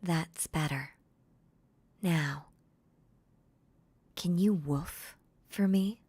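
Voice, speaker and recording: A woman voicing a cold, controlling female boss in a whispered role-play, speaking in a soft, low whisper. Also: very slow, slightly rough, no echo, heavily acted. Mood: commanding. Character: cold commanding female boss toying with her pet. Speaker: voice actor.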